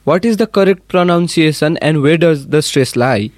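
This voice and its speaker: A man's voice: fairly high pitch, normal speed, no room sound, studio quality. A male student politely asking his teacher questions in an English class. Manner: polite, addresses the teacher as sir.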